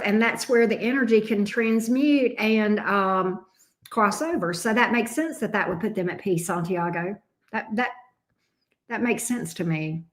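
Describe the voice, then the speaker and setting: Slow-drawling woman chatting live. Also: medium pitch, fairly bright tone. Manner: chatty, drawling, answers viewers by name. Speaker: tarot reader hosting a livestream. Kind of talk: casual livestream chat.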